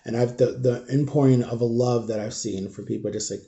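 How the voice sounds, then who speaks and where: A grieving man speaks to his viewers in a very dark, mellow voice at an ordinary pitch. He talks in halting, raw bursts and often drops almost to a whisper, sounding shaken. It is an emotional storytime vlog. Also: creaky, muffled recording. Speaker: vlogger.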